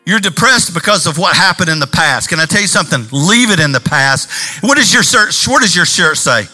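A man preaching a sermon as pastor, animated, swinging between loud bursts and slow, quiet stretches. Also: fairly high pitch, faint music behind. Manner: animated preacher, shifting volume and pace.

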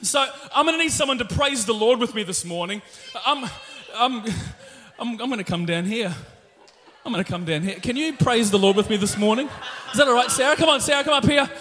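A man preaching an energetic sermon in a church, rallying the congregation and often calling out to them. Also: very high voice, a little fast. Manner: energetic, exclaiming, leading the congregation. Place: church sanctuary. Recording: long hall reverb with faint music.

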